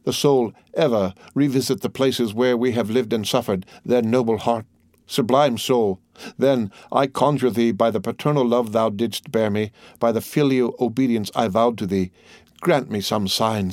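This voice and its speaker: A man's voice: medium pitch, normal speed, a little mellow, no room sound, clean studio sound, lightly acted. A man voicing a proud, grieving count who speaks in solemn, formal tones. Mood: solemn prayer.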